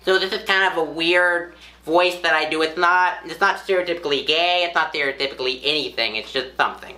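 A man rambling off-script for a comedy sketch, halting with fillers and restarts. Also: on the high side, pushed and bright. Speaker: comedy performer. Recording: echoey room.

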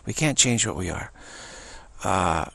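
A man's voice: sits low, expressive, measured pace, sharp tone, dry recording. An older man giving a spiritual talk, repeating himself and restarting phrases often. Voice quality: gravelly, husky. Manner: repetitive, stammering restarts. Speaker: spiritual teacher.

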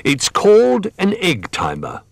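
A man voicing Bramwell, a knowledgeable, patient male toy bear who explains things gently, in a storybook reading. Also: high voice, wildly swooping pitch, unhurried, vocal fry, dry recording, studio quality, pitched above the performer's own voice, full character voice. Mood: explaining.

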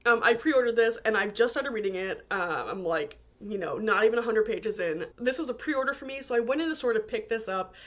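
A woman's voice: a little high, brisk, few pauses. A woman from Canada chatting casually about books she bought, full of fillers and frequent laughter. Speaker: book vlogger. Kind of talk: casual chat.

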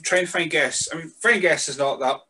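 Bright-voiced Scottish host, hesitant. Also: male voice, fairly high pitch, brisk, breathy edge. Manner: relaxed, hesitant, with lots of "uh" and "um". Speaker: podcast host. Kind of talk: casual podcast chat.

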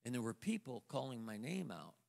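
An older man, a guest minister telling a testimony with halting restarts. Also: medium pitch, sing-song, vocal fry, a little mellow. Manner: storytelling, halting restarts, acts out quoted voices. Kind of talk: sermon testimony to a congregation. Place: church sanctuary. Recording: long church hall reverb.

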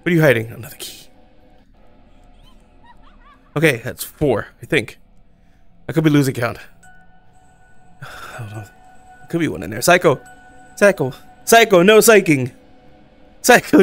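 A man streaming a horror game, talking to himself in casual commentary, swearing and jumping to a high squeal when startled. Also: fairly bright tone. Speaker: gaming streamer.

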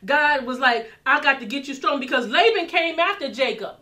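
A woman minister is deep in a passionate sermon, her high, bright voice circling back over phrases and building them up. Her intonation is lively and her pace moderate.

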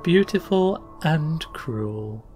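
A man voicing a mysterious young noblewoman falconer, speaking softly and wistfully in a raised voice in a storybook reading. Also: mid-range voice, moderate pace, faint music behind, lightly acted. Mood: dreamy.

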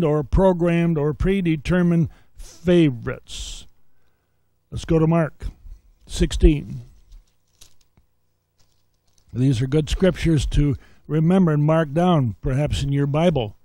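A man teaching a seminary Bible lesson, reading scripture aloud and explaining it point by point. He talks with a preacher's cadence and slows down on key words. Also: on the high side, darkish tone, no echo.

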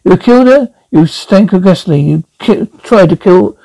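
A man's voice: sits high, expressive, moderate pace, dark tone, low-quality recording. A man doing an angry accusing young man. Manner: accusing, agitated. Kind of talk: radio drama acting.

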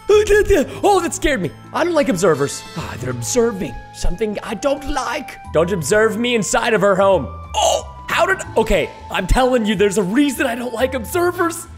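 Excitable man narrating a game. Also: high-pitched. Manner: excitable, jokey, prone to laughing. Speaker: gaming video host. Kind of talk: let's play commentary.

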